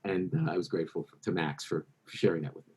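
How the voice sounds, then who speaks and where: A low-pitched man talks fast as a guest author in an interview, telling long, rambling anecdotes and correcting himself along the way. His tone is steady and a little mellow. The recording is low quality.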